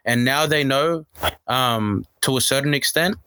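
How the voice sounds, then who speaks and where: A man's voice: mid-range voice, a little slow, sharp tone, slight background noise. A man from Australia, chatting casually as a podcast guest co-host and rambling through fillers and restarts.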